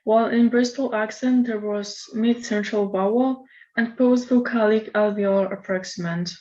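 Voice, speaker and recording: Woman giving a measured recorded lecture. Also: mid-range voice, fairly even intonation, warm tone. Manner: measured, explanatory. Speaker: presenter. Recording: slightly dull lo-fi recording.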